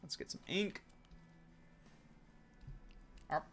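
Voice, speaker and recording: A man's voice: extremely slow, a bit bright, a little hiss or hum. A young man chatting casually while he paints on a live stream, joking and explaining each step.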